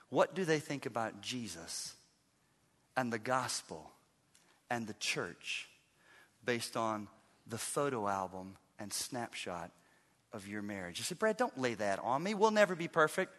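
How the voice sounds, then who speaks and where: A middle-aged man preaching a sermon as a pastor, animated, swinging from loud emphatic bursts to hushed intensity. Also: mid-range voice, in a large hall.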